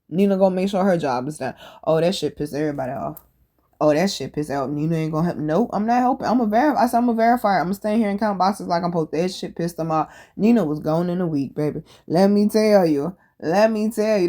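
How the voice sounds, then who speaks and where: Woman, storytelling host, animated, profane, laughing. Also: medium pitch. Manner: animated, profane, laughs while telling stories. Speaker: podcast host. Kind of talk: casual storytelling monologue.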